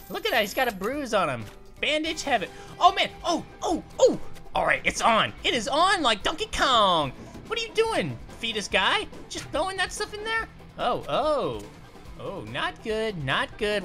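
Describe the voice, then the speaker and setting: Cartoon grape girl gamer host: goofy, excitable, giggly, with a high, lively voice and faint music behind. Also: moderate pace, heavily acted. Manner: giggly, punny, yelps at danger. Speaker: host of gaming videos. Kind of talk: animated let's-play commentary.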